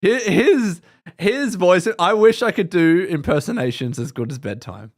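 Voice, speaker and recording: Animated man chatting on a livestream. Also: sits high, a little slow. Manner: animated, laughs often, trails off and restarts. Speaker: podcast host. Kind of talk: casual live-stream chat.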